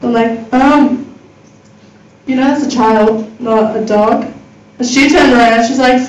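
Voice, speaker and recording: A woman's voice: fairly high pitch, fairly even intonation, measured pace. A woman doing a stand-up comedy set, chatting with the crowd, swearing freely and laughing at her own jokes. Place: comedy venue with audience. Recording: roomy, far from the mic, faint ambience.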